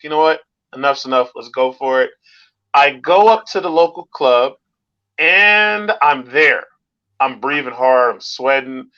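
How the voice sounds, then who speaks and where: A man tells a story in easy, relaxed chat. His voice sits on the higher side. His delivery is animated and drawn out, and the sound is a little dull and lo-fi. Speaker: stand-up comedian.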